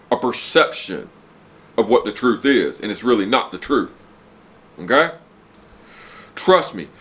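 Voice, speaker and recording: A man in his 40s vlogs from a downstairs room at home, delivering a blunt, profane, unscripted rant to camera about hard truths. His mid-range voice is tense and forceful, and he keeps pausing to apologize before getting worked up again.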